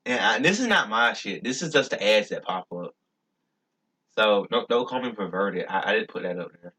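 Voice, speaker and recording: Rambling young man with a bright voice. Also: lowish voice, animated, moderate pace, slightly rough. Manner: rambling and stumbling, with fillers and restarts. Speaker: YouTuber. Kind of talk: casual rambling vlog.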